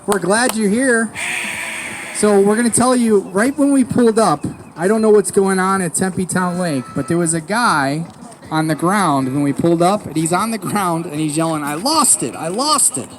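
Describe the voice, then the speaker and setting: High-voiced self-mocking man in his forties. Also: normal speed, background noise. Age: 40s. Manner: deadpan storytelling with self-mocking punchlines. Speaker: stand-up comedian. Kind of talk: outdoor stand-up set. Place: outdoors in a city park under a tree.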